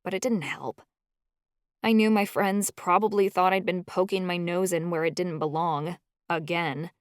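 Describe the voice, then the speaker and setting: A woman with a fairly low voice narrates a first-person novel in an even, measured way. The recording is close and dry, with no room sound. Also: smooth, no echo. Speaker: audiobook narrator.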